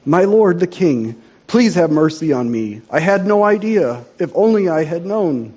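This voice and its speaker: A loud, pompous scheming lord, as a man acts him out, in a noticeably raised voice. His tone is mellow, and the sound is dull and lo-fi. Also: a little high, animated, a little slow, voice pushed up. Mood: pleading.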